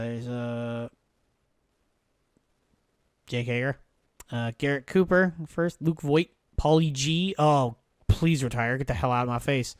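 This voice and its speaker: A man's voice: fairly high pitch, smooth, no echo, studio quality. Swearing man streaming a baseball game. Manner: swears freely, mutters and thinks aloud. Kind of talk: casual live-stream commentary.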